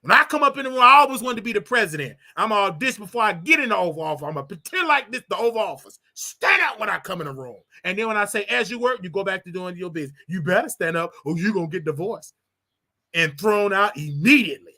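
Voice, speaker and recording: A man with a bright, forceful voice, hosting his own livestream. He rants to his viewers in an animated, preachy, jokey way, jumping from quiet asides to loud outbursts. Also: fast. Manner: animated, preachy, jokey, with wild swings in pitch and volume. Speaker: host. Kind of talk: solo livestream rant.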